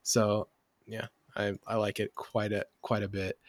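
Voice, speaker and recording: A man hosting a relaxed podcast, his voice sitting a little low and recorded close and dry. He talks in an animated way, laughs often, and leans on plenty of fillers. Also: unhurried, dry recording. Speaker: podcast host. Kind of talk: casual podcast chat.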